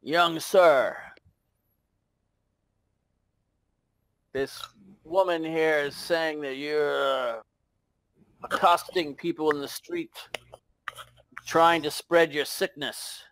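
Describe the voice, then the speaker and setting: A man voicing a cautious, suspicious city guard sergeant who speaks in a measured, polite way. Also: fairly high pitch, fairly even intonation, fairly bright tone, dry recording, pitched above the performer's own voice. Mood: stern.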